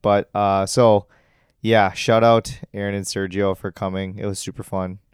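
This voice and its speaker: Young guy chatting on a home podcast, lowish smooth voice, laughs a lot. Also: level tone, a little slow, no room sound, clean studio sound. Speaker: podcast co-host. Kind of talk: casual chat.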